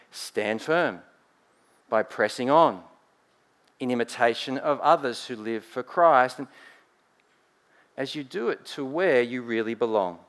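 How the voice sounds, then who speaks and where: An Australian man preaching a sermon with lively swings between loud emphasis and quiet asides, often checking in with "right?". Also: mid-range voice.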